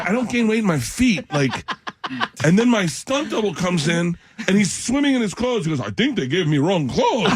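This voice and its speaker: A middle-aged comedian, a guest in a radio studio, tells a funny story with animated energy, laughing and acting out other people's voices. His voice sits high, and there's background noise.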